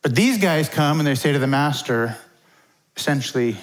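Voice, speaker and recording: A man's voice: fairly high pitch, lively intonation, normal speed. A middle-aged man preaching a conversational sermon as pastor, informal and chatty. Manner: informal, chatty, acts out quotes.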